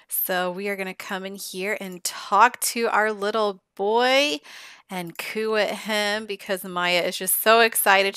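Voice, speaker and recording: A woman's voice: mid-range voice, smooth, dry recording. A woman giving casual, gushing commentary while playing a life-sim game. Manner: chatty, gushing and excitable. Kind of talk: casual let's-play commentary.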